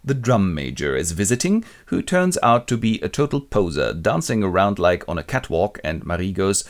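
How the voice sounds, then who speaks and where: A man's voice: deep voice, big pitch swings, normal speed. A man retelling a classic play in a wry, colloquial, comic way. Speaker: literature presenter.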